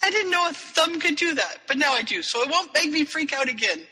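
A jumpy psychic girl talks fast in a high, bright, breathless voice, as a man puts her on while reading a story aloud. A long hall reverb trails behind every line. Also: expressive, full character voice. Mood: flustered. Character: skittish psychic young woman, jumpy and blunt.

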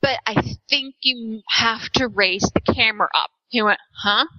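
A woman's voice: fairly high pitch, measured pace, no echo. A woman chatting casually, telling a funny story with lots of giggles and acted-out voices. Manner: giggly, animated storyteller who acts out voices. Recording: dull lo-fi sound.

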